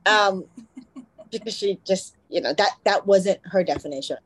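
A woman's voice: medium pitch, a little fast, breathy edge, no room sound, rough recording. A young woman co-hosting a podcast in casual chat, rambling and correcting herself as she goes. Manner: rambling, self-correcting, animated quoting. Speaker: podcast co-host.

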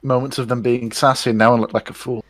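A man's voice: medium pitch, little pitch movement, quick pace, no room sound. A man hosts a casual podcast chat, rambling and teasing his friends. He has a mid-range voice and restarts his sentences. The recording is dry and close. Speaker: podcast host.

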